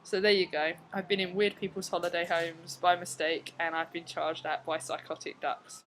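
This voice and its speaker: A young woman tells stories to her camera from home. Her voice sits a little low, and she keeps the talk loose and chatty, full of fillers and played-out reactions. A faint hiss hangs behind her. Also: flat delivery, moderate pace, fairly bright tone, low-quality recording. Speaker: vlogger. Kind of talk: casual storytelling to camera. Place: at home, indoors.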